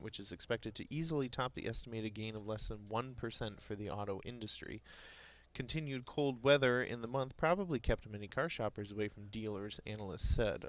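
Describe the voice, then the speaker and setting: A man co-hosting a morning market show, chatting and then reading news headlines with occasional stumbles and self-corrections. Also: fairly low pitch. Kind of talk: casual chat and news reading.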